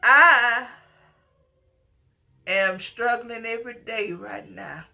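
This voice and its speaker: A woman's voice: a little high, slow pace, creaky, sharp tone. A middle-aged woman giving an impassioned, scolding personal commentary, at times tearful and pleading. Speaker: commentator reacting to a news story.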